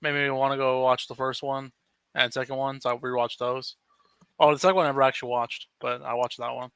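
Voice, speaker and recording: Male podcast co-host, chatty and loose, crisp bright voice, dry sound. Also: mid-range voice, level tone, no echo. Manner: easygoing, chatty, quick asides. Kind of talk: casual podcast chat.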